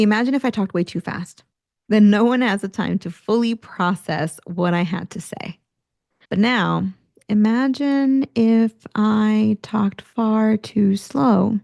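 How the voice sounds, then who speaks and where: A woman hosting a career podcast, coaching listeners in an energetic teaching manner and acting out examples of tone as she goes. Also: lowish voice, gravelly, no room sound, studio quality. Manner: energetic, demonstrates tone shifts, occasional laughs.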